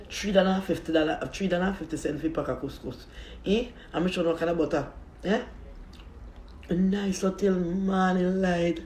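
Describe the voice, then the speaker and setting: A man's voice: high voice, a little mellow, slight background noise. A man chatting casually to his viewers while eating, rambling from one thought to the next. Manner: chatty and rambling, talks with his mouth full between bites. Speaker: food vlogger. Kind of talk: casual eating vlog talk. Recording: echoey room.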